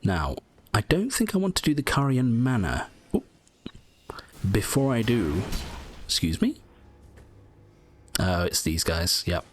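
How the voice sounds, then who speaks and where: A man's voice: fairly low pitch, very animated, a little slow, pauses often, a little hiss or hum. Chatty man narrating his gameplay. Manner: chatty, explains tips while playing, mutters asides. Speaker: gameplay walkthrough host. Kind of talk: casual game commentary.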